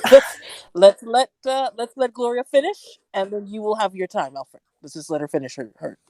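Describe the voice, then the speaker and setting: A woman moderating a podcast debate, stammering and laughing as she tries to calm things. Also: medium pitch, normal speed, dry recording, low-quality recording.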